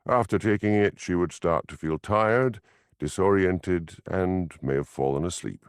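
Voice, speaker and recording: A man's voice: deep voice, a little slow, clean tone, no echo, studio quality. A man voicing a matter-of-fact female pathologist who explains things in a clinical way, in a storybook.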